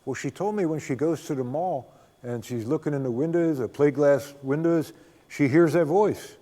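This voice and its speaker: An older man giving a spiritual talk as a guest speaker, a folksy, unhurried storyteller who often chuckles. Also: a little high, dark tone. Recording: long reverb of a hall.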